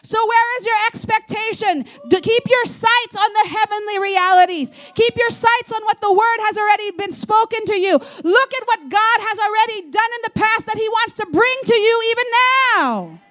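A woman with a high voice preaches a sermon. She is animated and acts out the voices she quotes. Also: normal speed, few pauses. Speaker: pastor.

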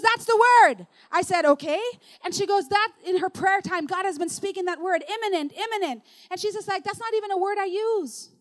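A woman pastor delivers a sermon in a very high voice. She preaches with emphatic repetition and builds her lines into rising declarations.

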